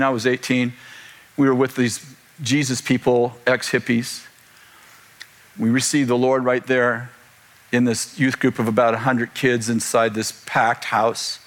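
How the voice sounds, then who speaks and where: An older pastor preaches a sermon before his congregation in church, keeping it conversational with joking asides and chuckles. His voice is medium-pitched with a fairly bright tone.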